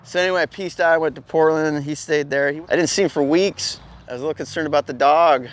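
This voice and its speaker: A man's voice: fairly high pitch, steady tone, fast talker. A man telling a story in a laid-back, slangy way, cursing often and breaking into laughs. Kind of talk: casual spoken anecdote.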